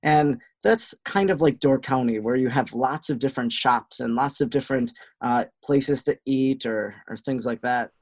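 A man with a Wisconsin accent, a guest answering in a steady, explanatory way. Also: mid-range voice, moderate pace, few pauses. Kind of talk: casual interview answers.

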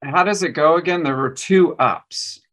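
A man's voice: a little high, normal speed, fairly bright tone. A man hosting a podcast, asking brief follow-up questions. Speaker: podcast host.

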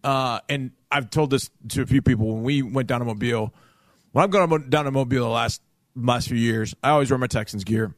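A man co-hosting a sports radio show, telling stories in an animated way and acting out what people said. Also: mid-range voice, fairly quick, no room sound. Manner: animated storyteller who acts out quotes. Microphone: studio microphone.

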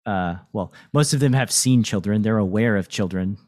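A podcast host with a fairly low, darkish voice speaks at a moderate pace. He leads a casual interview conversation in a reflective coaching manner, frequently asking "right?".

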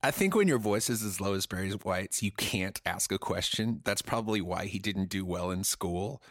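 A man's voice: sits low, lively intonation, normal speed, fairly bright tone, dry recording, studio quality. A man in his fifties co-hosting a comedy podcast, joking around and laughing often. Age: 50s. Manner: jokey, laughs often, drops into impressions. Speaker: podcast co-host. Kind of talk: casual comedic chat.

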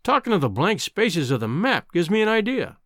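A man voicing a brisk older male newspaper news editor, dry and clipped with a teasing edge. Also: high voice, big pitch swings, a bit bright, no room sound, full character voice. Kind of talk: audiobook character reading.

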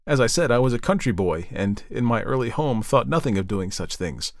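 A man reading the part of an earnest, lonely young gentleman who speaks formally in a storybook. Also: medium pitch, animated, moderate pace, no room sound, studio quality, pitched above the performer's own voice, lightly acted.

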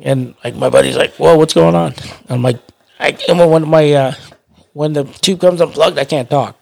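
Dude telling a wild story, kinda high gravelly voice, super laid back and slangy. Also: male voice, moderate pace, darkish tone. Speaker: podcast guest. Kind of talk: casual chat.

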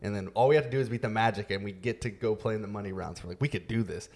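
Man, podcast host, casual chat, low voice, easygoing storyteller. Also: rapid-fire. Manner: storytelling, relaxed, many fillers.

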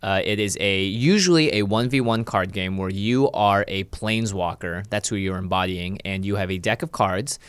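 A man's voice: on the low side, moderate pace, hardly any pauses, smooth, dry recording. A young man with a Canadian accent, a podcast guest who talks in an easygoing, jokey way. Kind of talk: casual interview chat.

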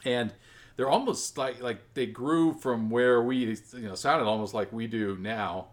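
A man's voice: mid-range voice, a little slow. A man hosting a family tabletop game podcast, chatting casually and rambling with many self-corrections. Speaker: podcast host and game master. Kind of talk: casual chat.

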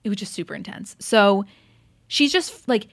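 A woman's voice: mid-range voice, lively intonation, normal speed, dry recording. A woman co-hosting a podcast, chatting casually as she recaps a reality show and acts out quotes with swearing. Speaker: podcast co-host.

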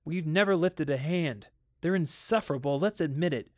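A man gives voice to a worried father in a spoken storybook. He sounds stern and exasperated, and his outbursts turn sharp. The voice sits a little high, with a close, dry sound. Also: moderate pace, no room sound, close to an everyday voice. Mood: uneasy. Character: anxious wealthy father, stern and uneasy. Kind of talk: dramatic audiobook reading.

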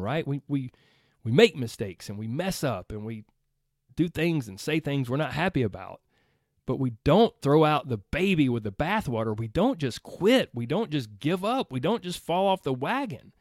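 A man's voice: medium pitch, a little mellow, no echo, studio quality. A man coaching listeners through an earnest, conversational motivational talk, repeating phrases for emphasis. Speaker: health and weight-loss coach.

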